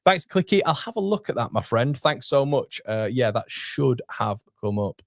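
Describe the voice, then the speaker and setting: A man's voice: medium pitch, sing-song, normal speed, creaky, no room sound, clean studio sound. A young man, hosting a casual livestream and chatting through viewer comments with self-deprecating asides. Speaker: host. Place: home streaming studio.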